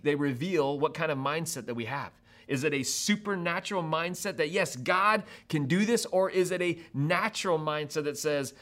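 Animated preacher man acting out reactions. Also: a little high. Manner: animated, acts out quoted reactions with laughs. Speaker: pastor. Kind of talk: sermon.

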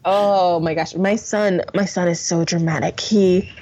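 A young woman with a slightly low, husky voice tells stories with animated energy, laughing often as she chats on a podcast. The recording sounds dull and lo-fi. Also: unhurried. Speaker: podcast guest. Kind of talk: casual conversation.

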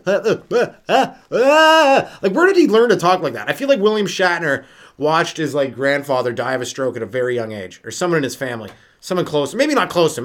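Male stand-up host, slightly high voice, loose riffing delivery, very lively intonation. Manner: rambling, riffing, lots of fillers and sudden voice jumps. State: sleep-deprived. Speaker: stand-up comedian and podcast host. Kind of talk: solo comedy podcast rant.

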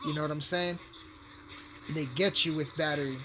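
A man's voice: on the high side, steady tone, moderate pace. A man telling a rambling story in a casual, profane way while playing a video game. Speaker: hotel worker telling a story. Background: music playing.

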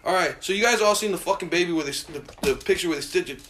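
Brief: male podcast co-host, a little high-pitched, swears constantly, rants through his stories, faint hiss behind him. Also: fast talker, a bit bright. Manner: profane, ranting storyteller. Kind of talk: casual chat.

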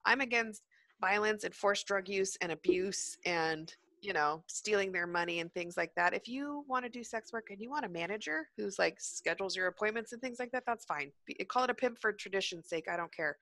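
A woman's voice: mid-range voice, fairly quick, bright, forceful tone, no echo. Blunt, profane woman telling stories. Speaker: guest, former prison teacher. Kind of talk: casual podcast chat.

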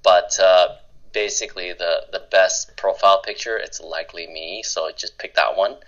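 A man's voice: low-pitched, fairly even intonation, normal speed, a bit bright. Upbeat male podcast guest, lo-fi sound. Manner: upbeat, slangy, fond of "man" and "dude". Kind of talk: casual podcast interview chat.

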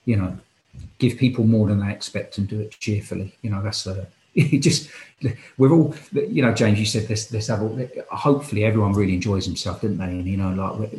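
Man, football coach, earnest, impassioned, thinking aloud, somewhat deep voice, echoey room. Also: a little mellow. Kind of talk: casual podcast interview. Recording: roomy echo.

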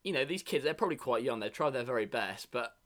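A man's voice: medium pitch, animated, fast, a bit bright. A man from England co-hosting a casual podcast, rambling with many ums and restarts. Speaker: podcast co-host. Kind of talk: casual banter.

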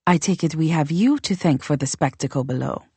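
A woman reading as an imperious ruler drawls her words lightly, sounding amused with menace beneath. The voice is low and dry, recorded close for an audiobook. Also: lively intonation, measured pace, darkish tone, slightly rough, no room sound, heavily acted.

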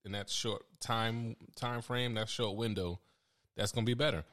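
Laid-back slangy man, lowish voice. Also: fairly even intonation, normal speed, fairly bright tone. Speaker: podcast co-host. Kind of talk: casual sports chat.

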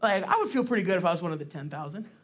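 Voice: mid-range voice, expressive, racing. A preacher giving a casual, conversational sermon, talking chattily with many fillers and restarts. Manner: chatty, laughs often, acts out quotes.

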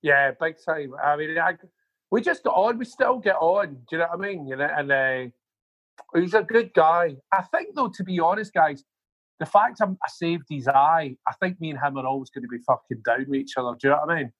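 A man's voice: a little high, expressive, a little fast, a bit bright, dry recording, lo-fi sound. A man, a music manager guest, telling rambling, profane anecdotes in a casual interview.

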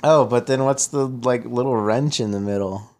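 A man's voice: medium pitch, normal speed, darkish tone. A man co-hosting a casual podcast, joking and asking puzzled questions as he reacts to what he watches. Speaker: podcast co-host. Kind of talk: casual watch-along chat.

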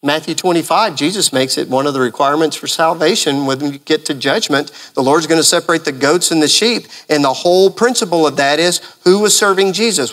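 Brief: male pastor, sermon, bright forward tone, animated, rhetorical questions. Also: a little high, brisk, hardly any pauses.

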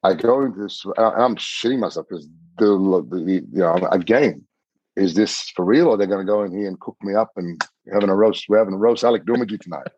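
A middle-aged man with a low, husky voice tells a long personal story in vivid detail, often repeating himself as he goes. The recording is dry and a bit muffled. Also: fast talker, darkish tone, no echo. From Australia. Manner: vivid, repeats words, swears casually. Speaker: podcast guest.

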